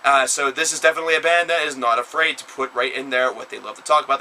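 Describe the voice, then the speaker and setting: Male reviewer, very bright and forceful tone, rambling, filler-heavy, breaks into loud emphatic bursts. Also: mid-range voice, steady tone, fast talker, few pauses, a little hiss or hum, poor audio. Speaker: album reviewer. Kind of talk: casual spoken review.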